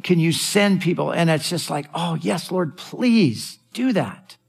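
A man preaching a sermon as a pastor, earnest, repeating phrases and restarting sentences. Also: a little high.

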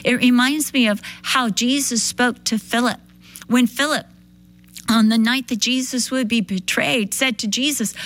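A woman preaching a sermon with a fairly high voice. She keeps it animated and lively, and she slips into the voices of the people in her story. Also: a little slow. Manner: animated, acts out quoted voices.

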